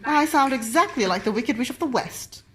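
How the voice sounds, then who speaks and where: Playful mum host, mock-grand commentary, bouncy lively pitch. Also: female voice, moderate pace. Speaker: parent and host. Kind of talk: casual chat while crafting with a child.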